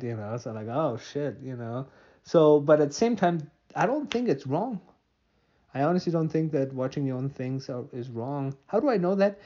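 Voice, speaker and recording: A man's voice: mid-range voice, dark tone, highs cut off. Rambling self-mocking male podcast host. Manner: rambling, self-mocking, frequent fillers and restarts; laughs often at himself. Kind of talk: solo podcast monologue.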